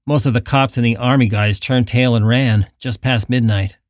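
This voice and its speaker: A man's voice: mid-range voice, steady tone, normal speed, no echo, lightly acted. Man voicing a tired gas attendant, blunt, matter-of-fact, dry sound. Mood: grim.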